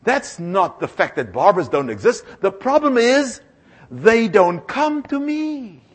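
A man playing a calm, matter-of-fact barber in a story told during a sermon. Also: high voice, slow, breathy edge, voice pushed up, full character voice. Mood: patient.

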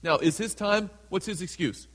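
A man preaching a sermon in a church, reading scripture slowly and dramatically and acting out the people in it. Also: high voice, fairly bright tone, husky. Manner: reads scripture slowly and dramatically, voices characters in asides. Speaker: pastor. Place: church sanctuary. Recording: hall with long reverb.

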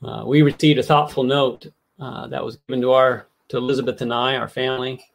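A man's voice: medium pitch, level tone, fairly quick, creaky. A middle-aged man preaching a sermon, telling a personal story with heartfelt earnestness that builds into impassioned pleading.

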